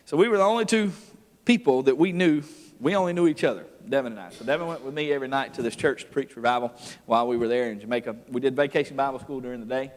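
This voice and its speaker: Folksy preacher in a reverberant church. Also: male voice, mid-range voice, fast talker. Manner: folksy storytelling, laughs often, builds to loud preaching. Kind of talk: revival sermon. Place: church sanctuary. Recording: long church hall reverb.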